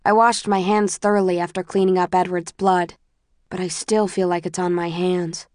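A woman reads a first-person novel aloud in a measured, introspective way. Her voice sits on the lower side for a woman. The sound is close and dry, with no room echo. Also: flat delivery, a little mellow. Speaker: audiobook narrator.

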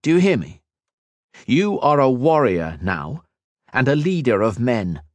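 A man's voice: medium pitch, very animated, moderate pace, dry recording, voice pushed up. A man voicing a stern, commanding young mage lord who gives clipped orders in a raised voice.

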